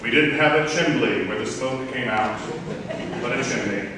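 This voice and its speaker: A man's voice: medium pitch, moderate pace, pushed and bright, a little hiss or hum. A man from Southern Maryland preaching a sermon, telling a personal story in a wry, reflective way. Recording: echoey hall, picked up from far off.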